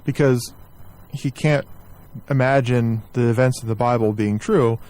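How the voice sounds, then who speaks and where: A man's voice: mid-range voice, fairly even intonation, unhurried, darkish tone. A man hosting a podcast, chatting casually with his guest and chiming in with short, easygoing remarks. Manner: easygoing, brief agreeing replies. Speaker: podcast host. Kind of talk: casual interview chat.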